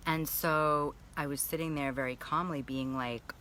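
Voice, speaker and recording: A woman coaching on a live video while sitting in a baby pool, talking candidly and with plenty of swearing about feelings and energy, and pausing to greet viewers by name. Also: low voice, steady tone, a bit bright, a little hiss or hum. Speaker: spiritual coach.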